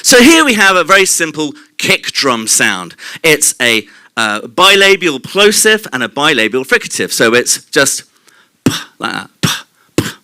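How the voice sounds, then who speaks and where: A man's voice: on the high side, sing-song, measured pace, sharp tone, clear, resonant tone, no echo. A man giving a live stage presentation, explaining mouth sounds, demonstrating them and quizzing the audience. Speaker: presenter at a live short-talk night. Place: club venue at a live evening event.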